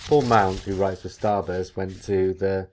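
Deep-voiced man hosting a podcast. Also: fairly even intonation, unhurried, darkish tone, slight background noise. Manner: chatty, reads out messages with asides. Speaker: podcast host. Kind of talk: casual podcast chat, reading listener comments.

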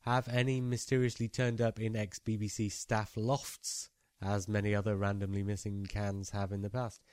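A man's voice: fairly low pitch, flat delivery, normal speed, darkish tone, smooth, no echo, studio quality. A man hosting a podcast, chatting casually and reading out listener questions. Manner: chatty, reads out listener emails.

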